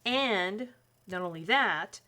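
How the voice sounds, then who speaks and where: A woman's voice: mid-range voice, expressive, takes it slowly, bright, forceful tone. A woman hosting a colouring channel, chatting as she flips through a book, rambling and correcting herself with lots of fillers. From Canada.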